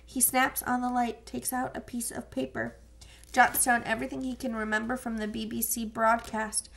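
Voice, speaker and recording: A woman narrating an audiobook in a steady, measured way. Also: fairly high pitch, gravelly.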